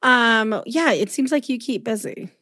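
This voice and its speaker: A woman's voice: on the high side, measured pace, pushed and bright, no echo. Playful, gushing podcast host woman. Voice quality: slightly husky voice. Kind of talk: casual podcast chat.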